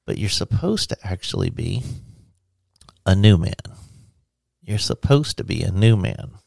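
A man's voice: sits low, expressive, unhurried, gravelly, a little mellow, dry recording. A man hosting a Christian teaching podcast, praying and preaching in an earnest, conversational way on a close mic. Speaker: podcast host and open-air preacher.

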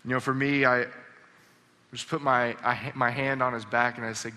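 A man preaching a sermon, telling a story earnestly and dropping to a hush on key lines. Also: mid-range voice, level tone, moderate pace. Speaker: pastor. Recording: long reverb of a large hall.

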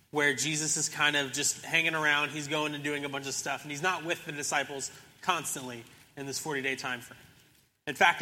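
A man's voice: on the high side, bright, forceful tone, long reverb tail. A young man preaching a sermon in a casual storytelling way, acting out the characters as he retells a scripture story. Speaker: pastor.

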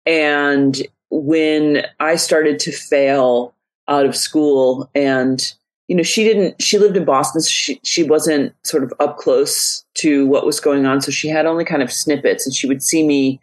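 A middle-aged woman, a memoir author, telling personal stories in a casual interview, animated and often laughing. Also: deep voice, measured pace.

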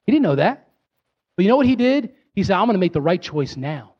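A man in his thirties, a pastor preaching a sermon emphatically, talking directly to his congregation and rising into excited bursts. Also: high voice, fast, slightly rough, lo-fi sound. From Pennsylvania. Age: 30s.

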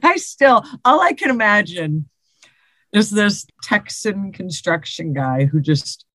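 A woman's voice: medium pitch, animated, takes it slowly, a bit bright, dry recording. A woman co-hosting a podcast, chatting casually and reading listener stories aloud with laughs and swearing. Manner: laughing, swearing, repeats herself.

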